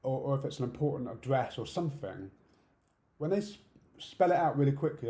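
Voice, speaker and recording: A man's voice: medium pitch, lively intonation, brisk, mellow. A middle-aged man from the UK with a British accent, giving an online conference talk in a direct, practical way, often checking in with "okay?". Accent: British English. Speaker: conference speaker. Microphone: video call setup. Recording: roomy echo.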